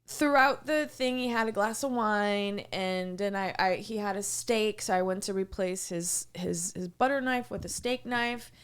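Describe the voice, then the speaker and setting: A woman's voice: medium pitch, unhurried, hardly any pauses, clear, resonant tone. A woman in her late twenties co-hosting a podcast, telling a story in casual chat, acting out the people in it and laughing often. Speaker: podcast co-host.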